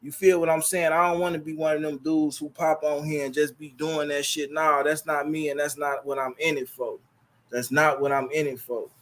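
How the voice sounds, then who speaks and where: Animated man, slightly high voice. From Chicago. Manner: animated, preachy, repeats phrases and fillers. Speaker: livestream host. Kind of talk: casual livestream commentary. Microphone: laptop.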